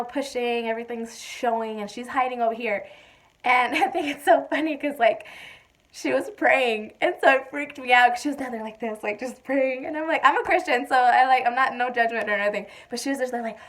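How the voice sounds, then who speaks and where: A young woman vlogger casually tells the camera a personal story in a slightly high voice. She's chatty and full of fillers, and she acts out quotes loudly.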